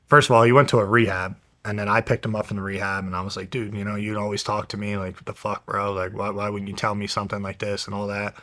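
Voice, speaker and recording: A man's voice: on the low side, pushed and bright. A young man from New Jersey, a professional fighter, telling a story to an interviewer in a blunt, casual way, with constant swearing. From New Jersey, USA.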